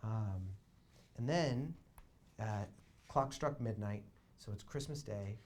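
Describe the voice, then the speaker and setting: A young man doing stand-up storytelling in a small theater, swinging between quiet asides and loud excited bursts. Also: lowish voice, slow pace. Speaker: comedian.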